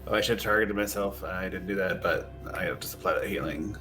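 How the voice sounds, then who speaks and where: A man talks casually through his moves in a tabletop game, plain-spoken and practical. His voice is on the low side yet bright and forward, with faint music behind. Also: fast talker. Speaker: player.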